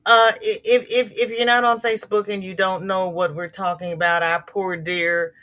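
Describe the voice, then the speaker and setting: A woman's voice: medium pitch, flat delivery, normal speed, fairly bright tone. A middle-aged woman hosting a crochet livestream, chatting casually with viewers and reading their comments, sympathetic and prone to repeating words.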